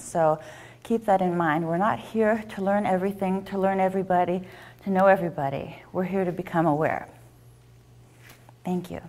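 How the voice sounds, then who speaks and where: A woman teaching a yoga class, giving gentle, encouraging step-by-step instructions. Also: on the low side.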